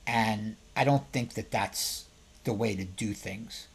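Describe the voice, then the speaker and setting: Husky-voiced man, emphatic podcast commentary. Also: fairly low pitch, slow. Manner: conversational, often asking the listener rhetorical questions; gets louder and more emphatic when making a point. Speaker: therapist and podcast host.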